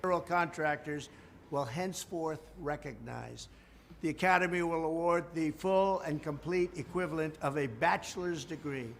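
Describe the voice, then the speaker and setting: A man delivers a scripted speech to camera in an emphatic voice, pitched a little high. He stresses syllables in unexpected places. Faint noise sits under the recording. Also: moderate pace, gravelly. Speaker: politician in a played campaign video.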